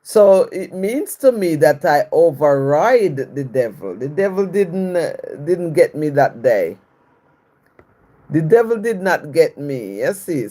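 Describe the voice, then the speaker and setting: A woman chats through a personal story on a live video. Her pitch swings freely as she talks. She often stops to bless and greet her viewers. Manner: warm blessings to viewers, repetitive and reflective. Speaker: live-stream host.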